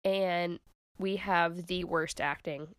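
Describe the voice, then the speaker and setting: A woman's voice: on the low side, fairly even intonation, slow, clean tone, no room sound. A woman co-hosting a podcast, casually recapping a TV episode in a chatty, filler-heavy way. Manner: chatty, filler-heavy retelling with 'like' and 'um'. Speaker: podcast co-host.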